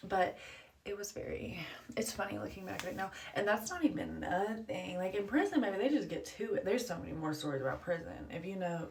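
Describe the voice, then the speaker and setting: A woman telling a casual storytime in a relaxed, confiding way. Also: fairly low pitch, distant mic.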